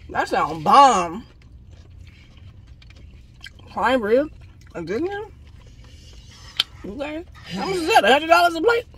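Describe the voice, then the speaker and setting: A woman vlogger who talks loudly and excitably while eating on camera inside a car. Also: sits high, slight background noise. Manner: deliberately loud and excitable. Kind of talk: casual mukbang chat.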